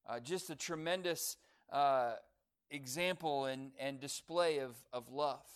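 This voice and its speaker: A man preaching a sermon, building to loud emphatic declarations and dropping soft on key phrases. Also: mid-range voice, a little slow, clean tone.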